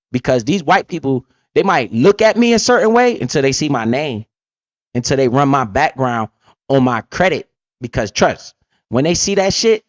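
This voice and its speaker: Man, livestream host, blunt streetwise money talk, higher voice, dry close sound. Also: dry recording, muffled recording. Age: adult parent. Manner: blunt, streetwise, animated swings in pitch. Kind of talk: profane casual money talk.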